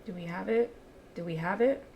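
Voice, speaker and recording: A woman's voice: medium pitch, fairly quick, gravelly, muffled recording, slight background noise. A woman day trader giving live commentary on her trades, swearing freely and muttering at the chart.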